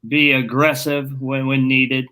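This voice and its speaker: A man with an Ohio accent hosting a livestream chat, speaking haltingly and repeating his words. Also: mid-range voice, level tone, bright, forceful tone, low-quality recording. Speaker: show host.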